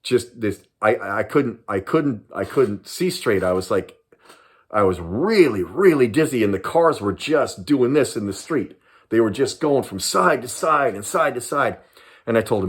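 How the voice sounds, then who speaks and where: An older man from Southern California tells a story straight to camera in a loose, casual way. His pitch swings widely and his delivery is animated. He circles back over his own words and keeps tossing in "man". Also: moderate pace. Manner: animated, repeats himself, drops in "man". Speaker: retired police sergeant telling stories.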